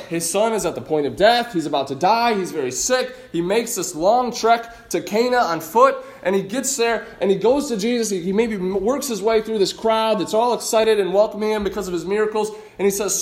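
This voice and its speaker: Male pastor, high-pitched, casual and emphatic sermon delivery, stumbles and restarts often. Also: animated, normal speed, darkish tone, roomy sound. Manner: conversational, emphatic, frequent restarts.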